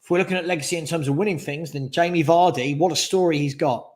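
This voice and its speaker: A man's voice: on the high side, quick pace. A man hosting a live fan stream, chatting casually and giving strong opinions while reading out viewer questions. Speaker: fan channel host.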